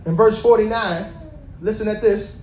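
A man preaching a sermon in a very high voice, with a strong roomy echo around him. He reads scripture aloud and then presses his point with impassioned calls that climb into shouting. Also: fairly even intonation, moderate pace. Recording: echoey room.

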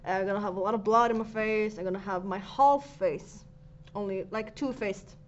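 A woman's voice: mid-range voice, moderate pace. A young woman chatting casually with a friend, giggly and rambling, often restarting her sentences. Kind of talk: casual chat. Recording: dull lo-fi sound with faint background noise.

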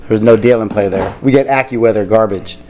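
A man's voice: lowish voice, a little fast, warm tone. Joking guy rambling on a podcast, swears a bit, light background hiss. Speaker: podcast co-host. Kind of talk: casual podcast chat.

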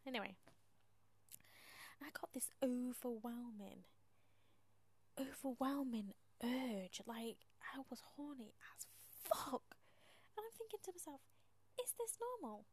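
A woman with a fairly high, darkish voice hosts a podcast as a casual monologue. She's chatty and self-mocking, often dropping to a half-whisper, laughing and swearing as she tells her story.

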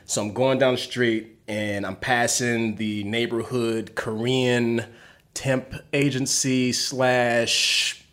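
A man telling a story in casual chat, animated and laughing, swearing freely. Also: mid-range voice, takes it slowly.

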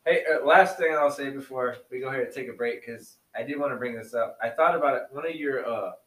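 A man's voice: mid-range voice, a little fast, fairly bright tone, far from the mic. A man who teaches, chatting casually on a podcast and telling classroom stories with easy laughs. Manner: storytelling, laughs easily. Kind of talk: casual chat. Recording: roomy echo, set back from mic.

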